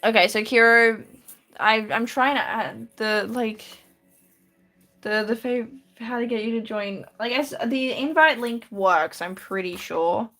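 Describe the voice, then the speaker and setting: Chatty Australian woman, higher voice. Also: unhurried, fairly bright tone. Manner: chatty, answers chat aloud with light laughter. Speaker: live streamer. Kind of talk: casual live-stream chat while drawing. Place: her room.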